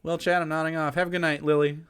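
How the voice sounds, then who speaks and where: A man's voice: fairly high pitch, flat delivery, quick pace, fairly bright tone, clear, resonant tone. Sarcastic young man streamer. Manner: sarcastic, mocking, talks over clips. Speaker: streamer reacting to clips. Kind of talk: casual stream commentary.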